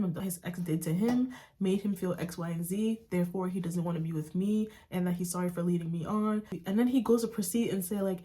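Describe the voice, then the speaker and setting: A woman's voice: lowish voice, fairly quick, mellow. A young woman from the United States telling a personal story to her viewers in a casual, chatty way, saying "like" constantly and calling them y'all. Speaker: vlogger.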